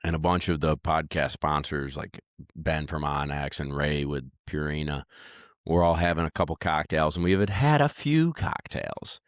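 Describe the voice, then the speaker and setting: Deep-voiced man telling stories. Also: normal speed, dry recording, clean studio sound. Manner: animated storyteller, acts out lines. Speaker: podcast guest, dog trainer. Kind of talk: casual interview chat.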